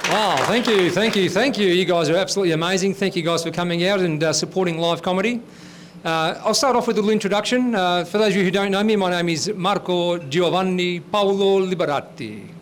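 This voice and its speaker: A man in his fifties with an Australian accent tells stories on a live comedy stage. He has a deadpan, blokey delivery and sits a little high for a man. He is the show's host. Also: a little fast, a little hiss or hum. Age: 50s. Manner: deadpan storytelling with blokey banter. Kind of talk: stand-up comedy set.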